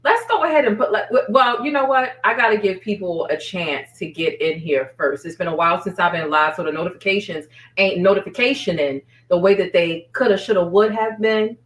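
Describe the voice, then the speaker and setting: A woman's voice: medium pitch, brisk, reverberant, far from the mic, low-quality recording. A woman hosting a live stream, chatting casually and talking straight to her viewers in a slangy, familiar way.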